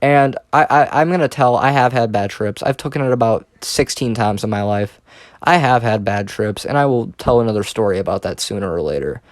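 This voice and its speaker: A young man with a fairly low voice tells a rambling, profane story straight to camera, often stopping and restarting his sentences. The sound is close and dry, with almost no room echo. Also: fairly quick. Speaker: storyteller vlogger. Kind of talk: casual storytime monologue.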